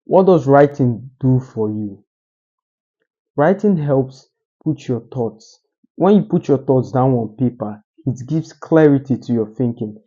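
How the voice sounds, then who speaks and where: A man talking straight to the camera with deliberate pauses, teaching how to speak more articulately. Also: medium pitch, animated, dark tone, husky, lo-fi sound. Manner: deliberate, uses pauses for emphasis. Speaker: communication coach. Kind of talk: solo talking-head advice.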